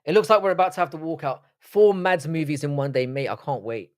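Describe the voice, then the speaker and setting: A man's voice: on the high side, brisk. A man with a London accent hosting a live stream, chatting casually, reading the chat aloud and trading crude banter. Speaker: livestream host.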